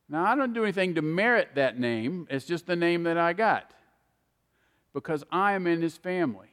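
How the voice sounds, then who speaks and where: A man preaching a sermon, repeating key words for emphasis with slow, deliberate phrasing. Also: on the high side, expressive, fairly bright tone, clear, resonant tone, long reverb tail.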